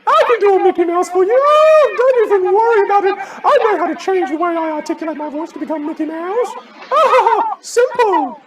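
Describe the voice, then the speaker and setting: A man voicing a cheerful cartoon mouse in a very high, squeaky falsetto, exclaiming every line. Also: lively intonation, fairly quick. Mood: gleeful. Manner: gleeful, exclaiming. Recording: live talk with loud crowd and noise.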